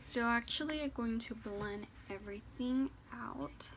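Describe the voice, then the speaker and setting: A woman narrating a makeup tutorial step by step, soft-spoken and often dropping to a whisper. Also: on the high side, unhurried, a little hiss or hum. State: teary-eyed from a poked eye.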